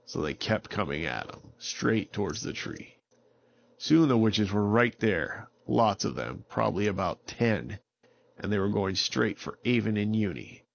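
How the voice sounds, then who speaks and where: Brief: relaxed male storyteller, low and unhurried, dull home recording. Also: creaky. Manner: relaxed, unhurried, with small restarts. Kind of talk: improvised bedtime storytelling.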